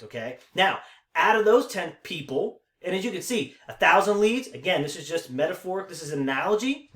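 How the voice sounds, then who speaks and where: A man giving a casual screen-share tutorial as an online marketing coach, energetic and often checking in with "right?" and "okay?". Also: fairly high pitch, echoey room.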